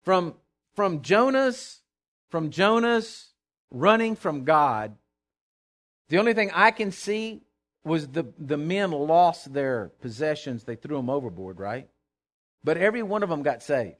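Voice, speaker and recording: A man preaching a conversational sermon, reading scripture aloud and commenting with animated asides and repeated words. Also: on the high side, unhurried.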